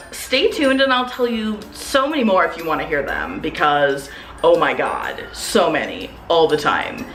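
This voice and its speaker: A young woman vlogger telling a dating story to camera in a blunt, profane, animated way. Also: fairly high pitch. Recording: roomy echo, faint music.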